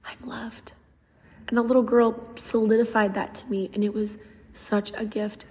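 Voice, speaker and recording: A woman's voice: medium pitch, little pitch movement, moderate pace, dark tone, long reverb tail. A young adult woman hosting a podcast, telling a heartfelt story in an earnest, casual way and acting out quotes. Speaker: podcast host.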